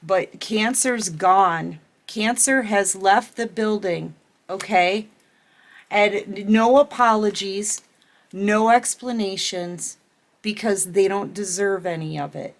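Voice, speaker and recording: Middle-aged woman, tarot reader, unhurried and emphatic, addresses the viewer directly. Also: medium pitch. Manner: emphatic, repetitive, talks straight to the viewer. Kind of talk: casual tarot reading monologue.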